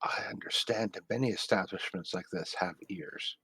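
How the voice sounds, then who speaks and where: A man voicing a reserved, space-born character who answers calmly and briefly. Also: deep voice, slightly rough, no room sound, in a whisper, heavily acted. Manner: terse, calm, measured answers.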